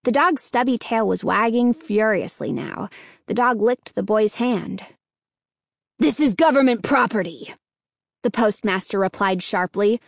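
A woman narrating a children's chapter book in a steady, clear storytelling manner. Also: mid-range voice, unhurried, dry recording, clean studio sound. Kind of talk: scripted audiobook narration.

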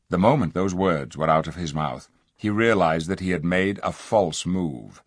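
Husky-voiced man reading a story. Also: low-pitched, moderate pace, dry recording, clean studio sound. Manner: expressive, lively storytelling. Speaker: audiobook narrator.

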